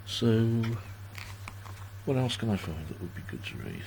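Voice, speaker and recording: Hosting a livestream birthday party from home, a man in his sixties reads viewers' comments and chats in a rambling, self-deprecating way. He speaks unhurriedly in a fairly low, darkish voice with vocal fry and huge swings in pitch, over slight background noise.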